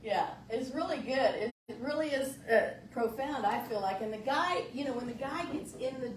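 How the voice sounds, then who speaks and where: Woman pastor, slightly high voice, folksy and searching, distant mic in a reverberant sanctuary. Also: animated, normal speed, slight background noise. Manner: folksy, searching, repeats words when restarting. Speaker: minister. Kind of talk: conversational sermon. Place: church sanctuary. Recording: roomy church sound from a distant mic.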